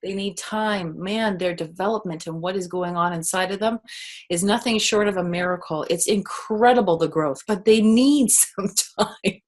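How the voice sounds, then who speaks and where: A middle-aged woman, a parenting expert, explaining children's emotions in a relaxed interview, with gentle examples and soft laughs. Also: mid-range voice, moderate pace. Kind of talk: conversational interview.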